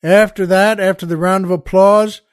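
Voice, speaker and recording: A man with a fairly high voice spins a backstage story in lively comic fashion. He drops quiet and then swells for punchlines, and the sound is close and dry with no room around it. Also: normal speed, clean tone, no room sound. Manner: animated, acts out quoted voices, shifts between hushed and loud. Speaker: comedian telling a backstage story. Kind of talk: storytelling anecdote.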